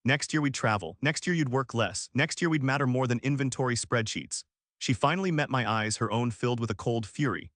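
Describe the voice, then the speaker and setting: Brief: male story narrator, mid-pitched, steady delivery, dry close sound. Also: fairly quick, no echo. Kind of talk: first-person story narration.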